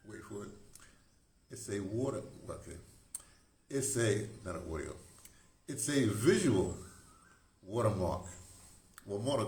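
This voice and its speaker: Deep voiced guy vlogging, rambly, keeps restarting and going off on tangents, echoey room. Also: vocal fry. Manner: digressive, restarts often, jokes with himself. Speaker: video host, former radio broadcaster. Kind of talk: rambling casual monologue to camera. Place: indoor room with incense burning. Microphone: camera mic.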